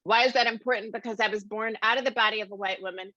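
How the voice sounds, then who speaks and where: A woman around fifty giving a conference keynote, telling her story in a lively, conversational way and calling the audience "y'all.". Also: medium pitch, quick pace, no echo, lo-fi sound. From American Midwest. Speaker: keynote speaker. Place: conference room.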